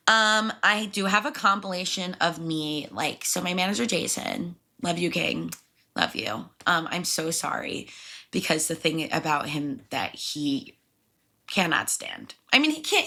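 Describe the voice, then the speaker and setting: A young adult woman hosts her own podcast, chatting through a personal story. Her voice is bright and forceful, and her pitch jumps all over. She sounds animated and swears freely. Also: creaky. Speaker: podcast host. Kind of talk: casual storytelling.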